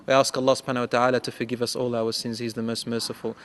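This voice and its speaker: A man's voice: mid-range voice, level tone, slight background noise. Preacher man in a reverberant hall. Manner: storytelling, acts out dialogue with rising voice; recites Arabic quickly. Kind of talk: sermon.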